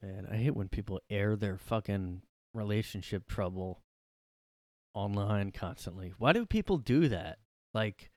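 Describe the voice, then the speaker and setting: A man's voice: on the low side, animated, a little slow, dry recording. Young guy ranting alone in his room, sarcastic, swears a lot, dry close sound. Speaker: podcast host. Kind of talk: solo ranting commentary.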